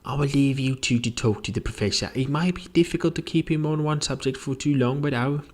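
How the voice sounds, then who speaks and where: A prim old housekeeper woman chatters in a shrill, high falsetto with a British accent, gushing and flustered, as a man puts her on. The voice sits far above a normal speaking voice. She talks with fussy politeness. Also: fairly quick, a little mellow, natural voice. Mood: fussing. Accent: put-on British.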